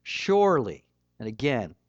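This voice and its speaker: A man's voice: mid-range voice, wildly swooping pitch, a little slow, dry recording. A middle-aged man preaching a sermon, earnest and emphatic, with a rising and falling delivery. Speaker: pastor. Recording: dull, slightly muffled dry recording.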